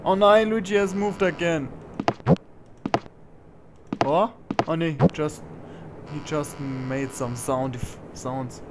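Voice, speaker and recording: Brief: male gamer, high-pitched, jumpy self-talk, noisy recording. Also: fairly even intonation, slow pace, pauses often. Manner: jumpy, talks to himself, yelps when startled. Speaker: let's play gamer. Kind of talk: horror game commentary.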